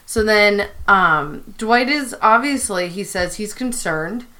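A woman co-hosting a casual podcast, telling the story of an episode in an animated way and acting out quoted lines. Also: medium pitch, slow pace. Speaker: podcast co-host recapping a TV episode. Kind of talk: casual chat.

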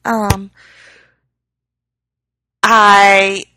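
A woman's voice: mid-range voice, little pitch movement, drawn-out words, bright, forceful tone, smooth. A woman with a mid-range voice co-hosts a podcast, chatting casually and dropping wry jokes. Her voice is recorded dry and close, with no room echo. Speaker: podcast co-host. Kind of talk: casual chat.

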